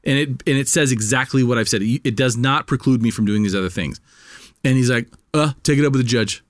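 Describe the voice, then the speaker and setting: A man tells a story on a casual podcast, cursing freely and growing heated as he goes. His voice is medium in pitch and sounds close and dry, with no room around it. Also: brisk, no echo. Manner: heated, profane, animated retelling. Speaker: podcast co-host.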